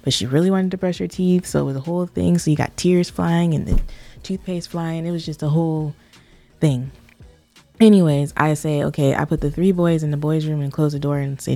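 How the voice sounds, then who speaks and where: Woman, low voice, mellow tone, chatty storyteller, casual podcast chat. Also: steady tone, a little fast, soft background music. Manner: chatty storyteller, many "like" fillers. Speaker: podcast co-host.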